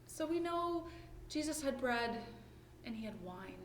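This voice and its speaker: A woman's voice: high-pitched, animated, unhurried, a little hiss or hum. Woman preaching conversationally in an echoey room. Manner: conversational, asks "right?" often. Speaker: pastor. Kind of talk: sermon. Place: church or home during lockdown worship. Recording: echoey room with faint ambience.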